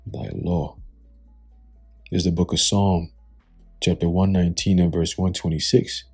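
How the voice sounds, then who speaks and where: Male commentator, dark husky voice, scornful and preachy. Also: low-pitched, flat delivery, unhurried, faint music behind. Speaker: religious commentator.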